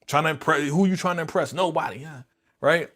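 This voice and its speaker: A man hosting a live movie reaction stream, talking in a slangy, animated way and exclaiming his disapproval, often repeating himself and speaking straight to his viewers. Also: on the high side, fairly quick. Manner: slangy, addresses viewers directly. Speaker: reaction channel host.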